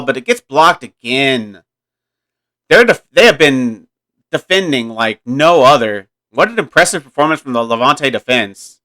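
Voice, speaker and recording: A gaming YouTuber thinks aloud in casual commentary while playing a football management game, frequently correcting himself mid-sentence. His voice sits at medium pitch, bright and forceful.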